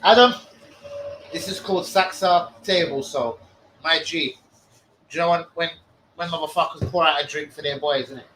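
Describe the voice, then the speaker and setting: A young man hosting a football stream, swearing and bantering loudly in street slang. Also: on the high side, normal speed, pauses often, slight background noise, low-quality recording. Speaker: football fan channel host. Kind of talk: live stream chat.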